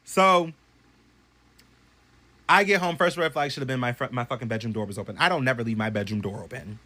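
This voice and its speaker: A young man casually telling a story to his phone camera at home, animated and profane, swinging from loud bursts to hushed asides. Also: mid-range voice, a little fast. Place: bedroom at home.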